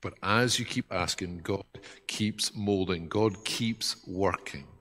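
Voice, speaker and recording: A man preaching a sermon in an earnest, reflective way, often dropping to a soft hush. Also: low voice, slightly rough. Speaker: pastor.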